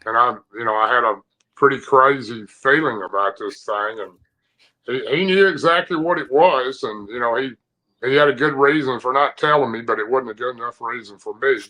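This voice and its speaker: A man's voice: medium pitch, moderate pace, sharp tone, low-quality recording. A man from Tennessee, telling a story casually in a rambling, vivid way with rural turns of phrase. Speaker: podcast guest telling an encounter story.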